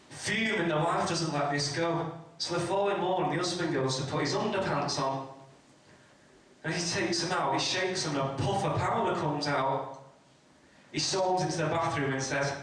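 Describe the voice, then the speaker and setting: A man's voice: a little high, moderate pace, fairly bright tone, far from the mic, a little hiss or hum. Man telling jokes in echoey hall. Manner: telling a string of mother-in-law and family jokes. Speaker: stand-up comedy contestant. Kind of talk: stand-up joke telling. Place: community hall stage.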